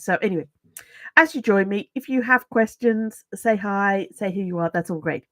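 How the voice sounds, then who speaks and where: A woman's voice: medium pitch, normal speed, no room sound. Chatty Brummie woman, dry close sound. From England. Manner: chatty and self-mocking, with many restarts. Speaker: YouTube host. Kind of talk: casual livestream chat.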